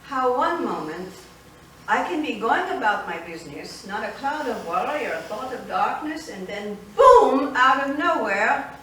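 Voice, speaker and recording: An older immigrant grandmother recounts her life in a lively, expressive monologue, as a woman plays her on stage. The voice sits fairly high and bright, with a very animated rise and fall. It is heard from a distance in a strongly reverberant theater with faint room noise. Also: unhurried. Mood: recounting. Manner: expressive storytelling, switching between wistful and fiery. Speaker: solo stage performer.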